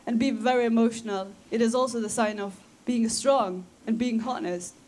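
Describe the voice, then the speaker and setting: A woman from Afghanistan speaks in English, her voice sitting a little high. She talks earnestly and with feeling to a room of students. She often breaks off and restarts her phrases. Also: steady tone, moderate pace, a little mellow, slight background noise. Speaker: guest speaker at a school talk. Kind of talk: personal talk to students. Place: school assembly room.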